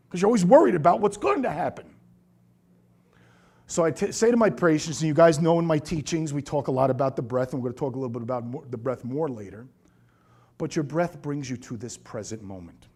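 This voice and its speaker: A middle-aged man gives a seminar talk to fellow chiropractors in a voice that sits a little high. He tells stories with energy and acts out the people he quotes. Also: husky. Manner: lively storyteller who acts out quoted voices. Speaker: chiropractor speaking to colleagues.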